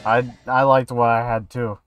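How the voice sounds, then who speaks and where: A man's voice: mid-range voice, level tone, normal speed, fairly bright tone, muffled recording, slight background noise. A man joking sarcastically with friends during a card game, laughing a lot. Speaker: friend playing along. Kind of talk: casual gameplay chat.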